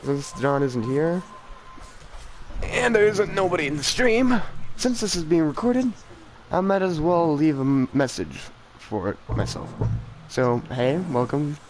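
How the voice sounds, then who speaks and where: A man's voice: a little high, expressive, measured pace, a crowd in the background, poor audio. A teenage boy chatting casually on a game stream, rambling and self-deprecating, often trailing off and restarting. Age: teens. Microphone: desk mic for streaming.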